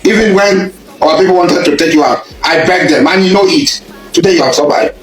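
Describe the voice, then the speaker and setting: A Nigerian man delivers an impassioned speech, pressing his accusations over and over and climbing into shouts. His voice sits fairly high and rings around an echoey room. Faint music plays underneath. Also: brisk. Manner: accusing, repetitive, rising to shouts. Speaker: public speaker addressing a rival.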